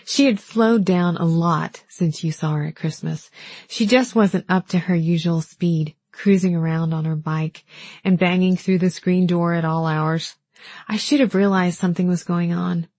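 A woman voicing a grieving, chatty older southern woman in an audiobook, speaking softly and shakily over the phone. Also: fairly low pitch, steady tone, normal speed, no room sound. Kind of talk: audiobook dialogue.

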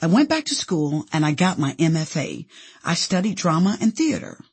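A woman's voice: low-pitched, sing-song, moderate pace, husky, full character voice. A woman voicing a hopeful, sweet-natured Southern woman in her thirties in a spoken memoir, with a Southern accent. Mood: eager.

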